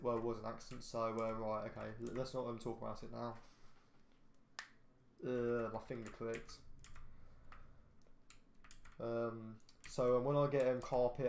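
Teen boy, gaming commentary, flat rambling delivery, roomy echo with faint noise behind. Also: mid-range voice. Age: teenager. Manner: rambling, repeats himself, quick outbursts at traffic. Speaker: gaming channel host. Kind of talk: casual gameplay commentary.

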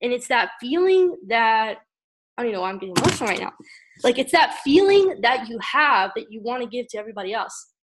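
A woman leading an online group call with a motivational pep talk, energetic and at times tearful, often calling everyone guys. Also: fairly high pitch, fast talker. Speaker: team leader on a group call.

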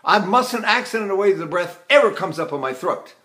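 An older man teaching vocal technique, explaining calmly and breaking into operatic tenor singing and short staccato exercises. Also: high-pitched, brisk. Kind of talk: vocal technique lesson with sung demonstrations.

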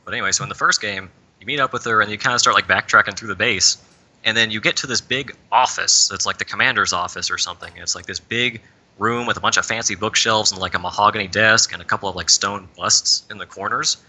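A man with a low voice and a very bright, forceful tone tells a meandering story on a podcast. His talk is loose and casual, filled with "like" as he rambles on. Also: fast, low-quality recording. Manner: rambling storyteller, leans heavily on "like". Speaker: podcast panelist.

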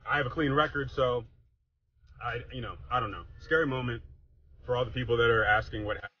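A man's voice: medium pitch, fast, distant mic, dull audio. A man from New York recounting a police stop while driving, speaking frankly and still rattled. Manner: nervous, then frank and rattled. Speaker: person stopped by police, then recounting it. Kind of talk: phone recording and driving vlog. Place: street, then in a car. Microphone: phone.

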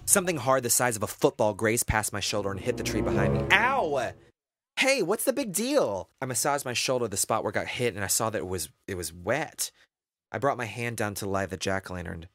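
A man narrating a first-person horror audiobook in an expressive, dramatic way. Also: on the low side, brisk, over music.

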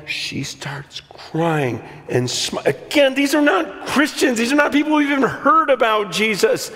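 A man in his fifties preaching a sermon, telling stories with animated restarts and quoted asides. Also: extremely high pitch, long reverb tail. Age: 50s. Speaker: pastor.

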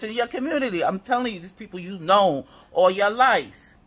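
A man's voice: high-pitched, animated, moderate pace, fairly bright tone, breathy edge. A man giving a tarot reading to viewers, heated and profane, piling up repeated affirmations. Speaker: tarot reader.

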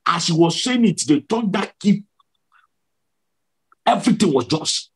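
Husky, lively male preacher. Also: high-pitched, measured pace, pauses often. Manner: emphatic, repetitive, dramatic storytelling. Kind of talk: sermon testimony.

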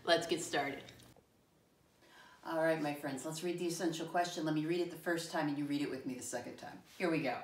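Echoey, low-voiced woman teaching small children. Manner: encouraging, slow and deliberate, spells words letter by letter. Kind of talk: classroom lesson for young children. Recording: echoey room from far off.

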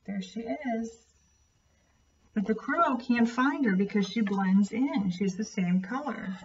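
A woman reading a picture book aloud to a child, gently pointing out and explaining the pictures. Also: a little high, slow, slightly rough, distant mic, highs cut off. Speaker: storyteller.

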